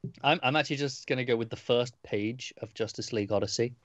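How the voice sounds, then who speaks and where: A wry man co-hosting a casual podcast chat, often restarting his sentences. His voice is mid-pitched, and the recording is dry and close. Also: fast talker, no echo, lo-fi sound. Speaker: podcast co-host.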